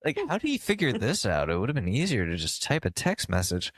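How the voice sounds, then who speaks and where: A man's voice: fairly low pitch, huge pitch swings, quick pace, hardly any pauses, no echo. A man co-hosting a podcast in casual comedic chat, rambling and jokey, often launching into bits. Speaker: podcast co-host.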